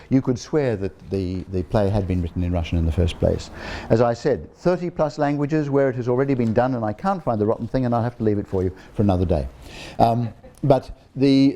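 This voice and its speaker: A man's voice: fairly low pitch, mellow. An older man, a professor giving an informal public talk, genial and digressive, with frequent restarts and ums. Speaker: guest speaker, linguistics professor. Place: room with an audience of guests.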